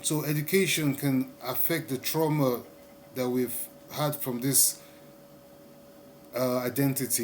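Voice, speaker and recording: A man speaking in a rambling monologue to his viewers. He often repeats himself and slows down to stress his points. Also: medium pitch, a little hiss or hum. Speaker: vlogger. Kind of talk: casual monologue to camera.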